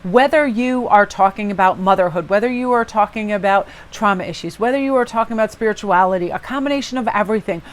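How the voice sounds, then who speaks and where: A woman's voice: medium pitch, quick pace, hardly any pauses. A woman giving a casual tarot reading to viewers, chatty and rambling, with personal asides and many "you know"s. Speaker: tarot reader.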